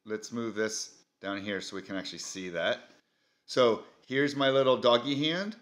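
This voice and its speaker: A man's voice: medium pitch, normal speed, fairly bright tone. A man hosting a casual product demo, easygoing and thinking aloud as he goes. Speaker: product reviewer.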